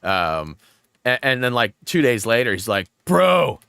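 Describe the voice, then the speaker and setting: A man hosting a gaming live stream, chatting casually and telling rambling, animated stories while he plays. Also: on the low side, normal speed, smooth, no echo, studio quality. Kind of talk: live-stream gameplay chat.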